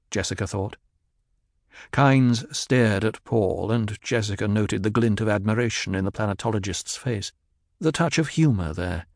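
A man narrating an audiobook in a steady, even reading. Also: on the low side, a little slow, no room sound, clean studio sound. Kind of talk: scripted narration.

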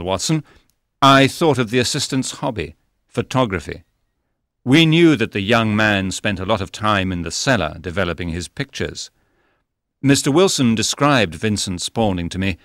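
A calm, clever detective. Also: male voice, fairly low pitch, dry recording, clean studio sound. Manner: measured, explanatory. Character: calm, clever male detective, commanding and sure. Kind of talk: audiobook character reading.

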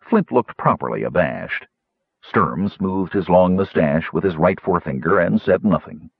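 A man narrating a fantasy audiobook in a lively, expressive reading. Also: deep voice, a little slow, creaky, husky, no room sound. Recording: tinny phone-like audiobook recording.

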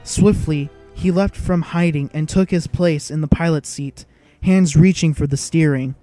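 A man's voice: fairly high pitch, fairly even intonation, measured pace, mellow, no echo, soft background music. A man giving dramatic, vivid scripted narration of an audiobook.

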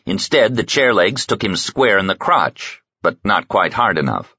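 A man reading an audiobook with lively, dramatic storytelling narration. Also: fairly low pitch, measured pace, husky, no room sound, highs cut off. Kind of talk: scripted narration.

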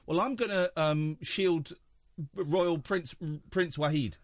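A man's voice: on the high side, takes it slowly, dry recording, studio quality. A middle-aged man from Britain hosting late-night radio, talking in a sarcastic, mock-gushing way. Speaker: radio host. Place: radio studio. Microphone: studio microphone.

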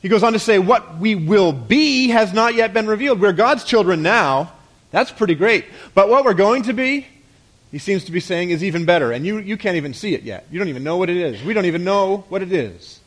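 A man preaches to his congregation in a relaxed, conversational way. His voice sits a little high, and he often sinks quietly at the close of a thought. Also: fairly quick. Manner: conversational preaching with rhetorical questions and soft drops at phrase ends. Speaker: pastor. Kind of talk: sermon.

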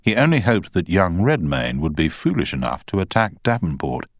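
A man narrating an audiobook with steady, scripted storytelling on a close studio mic. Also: deep voice, normal speed, no echo.

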